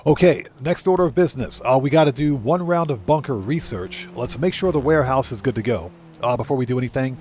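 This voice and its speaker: A man's voice: medium pitch, expressive, fast talker, hardly any pauses, darkish tone, a little hiss or hum. A man streaming a video game live, chatting casually with viewers in a rambling, easygoing way, often correcting himself. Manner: rambling, easygoing, many fillers and self-corrections. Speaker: GTA streamer and content creator. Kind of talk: live gameplay commentary, reading chat.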